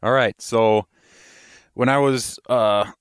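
A man's voice: mid-range voice, steady tone, slow, clean tone, dry recording, clean studio sound. A man from Wisconsin, a guest in a casual interview, talking at length and laughing along.

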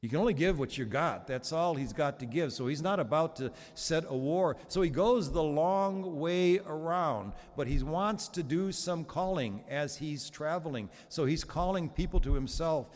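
A man's voice: a little high, moderate pace, few pauses, a little mellow, in a large hall. A Catholic priest in his seventies giving a sermon in a conversational, humorous storytelling manner, with frequent restarts.

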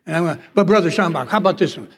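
A man's voice: fairly high pitch, animated, rapid-fire, fairly bright tone, husky. A pastor preaching a sermon, telling a personal testimony and acting out the dialogue in his stories. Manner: storytelling, acts out quoted dialogue. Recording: long reverb of a large hall.

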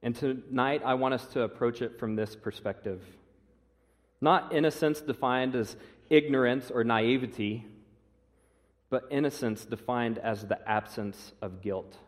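A man as pastor giving a Good Friday sermon, measured, slowing on key phrases, with some fillers. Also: medium pitch, in a large hall. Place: church sanctuary.

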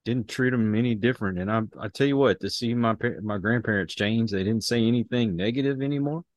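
A man's voice: mid-range voice, fairly quick. A man in a casual podcast conversation, speaking reflectively and repeating words as he thinks.

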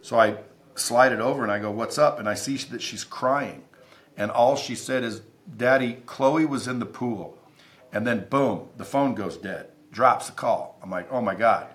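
A man's voice: fairly low pitch, moderate pace, fairly bright tone. Emphatic man telling stories as a guest. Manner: emphatic and intense, swears freely. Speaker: podcast guest. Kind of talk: casual interview storytelling.

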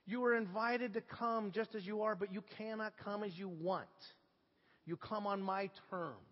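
A middle-aged man preaching a sermon, telling stories with lively swings from hushed to loud. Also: high voice, moderate pace. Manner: animated storytelling, swinging from hushed to shouting. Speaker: pastor. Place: church sanctuary. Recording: dull sound with long hall reverb.

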